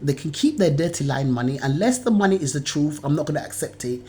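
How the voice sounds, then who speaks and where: A woman's voice: low-pitched, expressive, fast talker, warm tone. A woman in an agitated monologue to camera, her words tumbling out in long run-on chains. She repeats herself, restarts phrases and drops curses freely as she rambles on. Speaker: video blogger.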